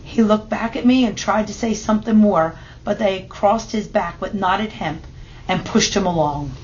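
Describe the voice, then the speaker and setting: A woman's voice: mid-range voice, normal speed, darkish tone, dull audio, slight background noise. Woman reading a storybook aloud. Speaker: storybook reader. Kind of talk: children's book read-aloud.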